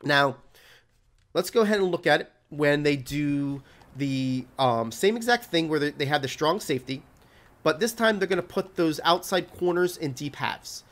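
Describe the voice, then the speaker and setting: Man breaking down game plays, slightly high voice. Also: expressive, normal speed, fairly bright tone. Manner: instructive, repeats "right?" to check in with the viewer. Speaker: video game tips channel host. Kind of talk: explaining plays over gameplay footage.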